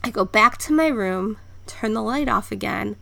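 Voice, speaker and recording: A woman's voice: medium pitch, expressive, moderate pace, creaky, sharp tone. A woman co-hosting a podcast, telling a story in casual chat with lots of fillers and laughs. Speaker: podcast co-host.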